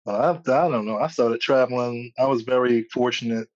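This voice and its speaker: Animated male comedian telling stories. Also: mid-range voice, fairly quick, dry recording, highs cut off. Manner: animated storyteller, acts out quotes, street slang. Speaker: comedian, guest. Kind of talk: casual chat.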